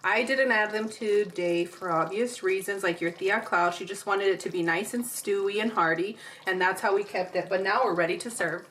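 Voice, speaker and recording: Barely pausing, a woman at normal speed walks through a recipe step by step on her home cooking show, playful, chatty, and laughing often. Her medium-pitched voice is fairly bright, and there's slight background noise in her home kitchen.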